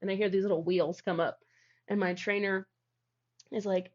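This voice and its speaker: A young woman shares her story as a guest in a relaxed interview, rambling along and leaning on "like" as she goes. Her voice sits at a medium pitch for a woman. The recording sounds somewhat dull and lo-fi. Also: normal speed. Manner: rambling, heavy use of "like". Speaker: guest, founder of a healing practice. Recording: dull lo-fi audio.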